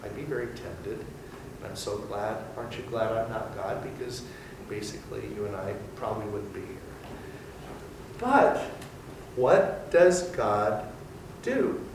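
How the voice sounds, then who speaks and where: A man leading an interactive Bible study for a small group, teaching in an animated, theatrical way. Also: lowish voice, a little slow, long pauses, background noise. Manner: animated and theatrical, acting out voices. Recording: echoey room from far off.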